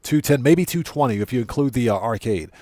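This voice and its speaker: A man's voice: mid-range voice, a little fast, dry recording, clean studio sound. Chatty man streaming a game. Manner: relaxed, chatty, greets viewers by name; repeats himself and corrects himself often. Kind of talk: casual livestream chat.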